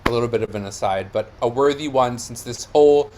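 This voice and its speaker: A man's voice: mid-range voice, a little fast, darkish tone. A man teaching Italian diction in an online lesson, explaining step by step and checking in with "yeah?" and "right?".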